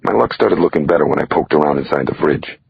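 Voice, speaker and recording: A man's voice: extremely low pitch, lively intonation, fast talker, creaky, husky, no echo. A man reading a crime thriller audiobook aloud in a wry first-person storytelling manner. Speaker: audiobook narrator. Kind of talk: scripted audiobook narration. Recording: dull dry lo-fi recording.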